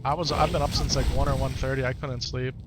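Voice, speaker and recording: A man streaming live who talks softly and coaxingly with his young son, then reads and answers his chat in casual talk. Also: medium pitch, flat delivery, fast, background noise. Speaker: streamer and father. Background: game music.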